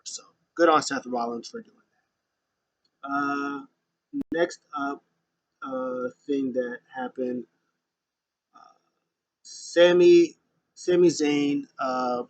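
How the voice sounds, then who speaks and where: A man's voice: medium pitch, fairly even intonation, takes it slowly, pauses often, a bit bright. A man hosting a podcast, casually recapping in a loose, rambling way with many fillers. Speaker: podcast host.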